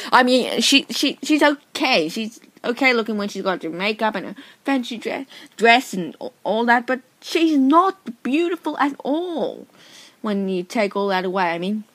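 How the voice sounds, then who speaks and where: A woman's voice: fairly high pitch, fairly bright tone, no echo. A woman playing a tactless best man in a comedy sketch, stammering and repeating herself as she talks. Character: smug, unkind best man at a wedding.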